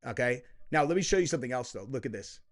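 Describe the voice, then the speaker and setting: A man's voice: mid-range voice, animated, rapid-fire. A man hosting heated political commentary, profane and combative, who keeps tagging his points with "okay?" and "dude.".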